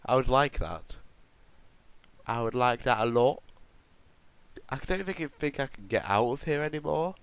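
A man gives gameplay commentary in a rambling, joking way, talking straight to his viewers. His pitch moves a lot from line to line. The sound is dry, with no room echo. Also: lively intonation, moderate pace, pauses often, clean tone. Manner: rambling, jokey, chatting to viewers. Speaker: gaming video host.

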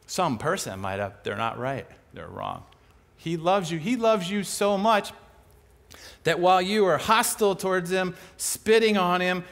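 A man preaching a sermon in a lively, conversational way, acting out quoted voices as he goes. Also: on the high side. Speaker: pastor.

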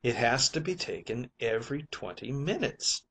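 A man's voice: medium pitch, very animated, moderate pace, fairly bright tone, husky, exaggerated voice. A man reading an audiobook, voicing a cocksure ship's mate with a persuasive, wheedling manner. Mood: offhand. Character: crafty ship's mate, male, middle-aged, cocksure. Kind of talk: audiobook character voice.

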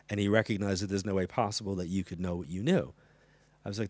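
A middle-aged man, a psychic medium guest, telling anecdotes in an animated way and acting out the dialogue, in a studio interview before a live audience. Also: low-pitched, fast, dry recording. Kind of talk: storytelling interview chat.

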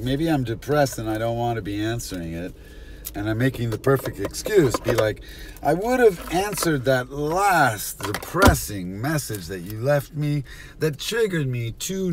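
A man hosts a solo podcast from inside his car, hopping from thought to thought and talking straight to absent listeners. His pitch swings widely as he goes, and a faint hiss sits under the recording. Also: animated, unhurried. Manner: scattered, jumpy, talks to absent listeners. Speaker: podcast host. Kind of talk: rambling solo podcast monologue.

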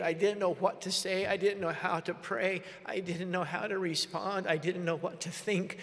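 A middle-aged man tells a sermon story, his emotion swinging from hushed to loud. His voice sits a little high. The sound carries a long reverb from a large meeting hall. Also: fairly even intonation, moderate pace, hardly any pauses. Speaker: preacher.

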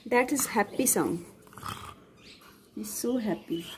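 A woman's voice: on the high side, lively intonation, takes it slowly, a little hiss or hum. A middle-aged woman chatting fondly in a casual home video, outdoors at home, filmed on a phone held by her daughter. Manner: fond, chatty, coos to the dog. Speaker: dog owner and mother. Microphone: phone camera held by her daughter.

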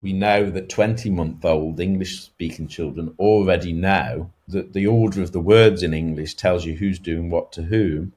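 A man with a very low voice answers interview questions as an expert. He explains things carefully and sometimes repeats a word as he works out his sentence. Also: fairly even intonation, normal speed, hardly any pauses, a little mellow. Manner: thoughtful, explanatory, with restarts. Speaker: guest expert.

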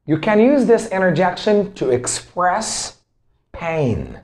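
A man giving an English lesson. His pitch swings widely as he explains, cheering learners on and repeating each word several times so they can practise it. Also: slow pace. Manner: animated, motivational, repeats words for drilling. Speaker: English teacher and self-improvement coach.

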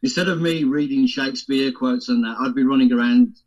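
Heard through a muffled recording, this podcast guest, an actor, speaks fairly quickly in a medium-pitched voice. It's a casual storytelling interview, and he stays lively throughout, laughing frequently and doing voices as he recounts anecdotes.

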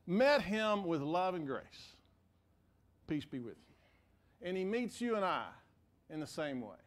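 A male pastor preaching a sermon in a church, telling a story in a lively way with frequent repeated words. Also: sits high. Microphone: mic for preaching.

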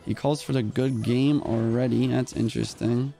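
A young man streaming a mobile game, calling out each move in quick play-by-play while a little short on sleep. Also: medium pitch, fairly even intonation, creaky, warm tone, soft background music. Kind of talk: live gameplay commentary.

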